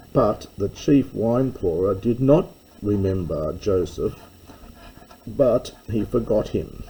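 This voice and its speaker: A man's voice: fairly low pitch, dark tone, slight background noise, rough recording. A man teaching a verse-by-verse lesson on Greek scripture, thinking aloud with fillers and self-corrections. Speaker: Bible teacher.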